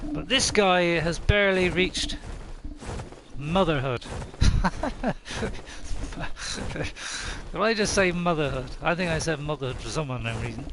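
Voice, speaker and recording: Man, gameplay commentary, giggly and excitable, high pitch, loud background noise. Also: unhurried, pauses often. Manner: excitable, laughs often, talks to himself. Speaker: game streamer.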